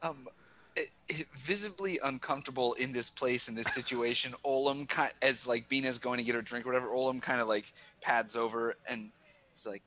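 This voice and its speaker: A man playing in a tabletop game, halting as he describes his character. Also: medium pitch, fairly even intonation, bright, forceful tone, low-quality recording. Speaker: player. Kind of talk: casual tabletop role-play.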